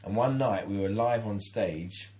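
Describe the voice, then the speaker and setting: A man in his thirties with a lowish, dark voice speaks a little slowly. Co-hosting a casual podcast, he tells a long anecdote, restarting often and acting out the quotes.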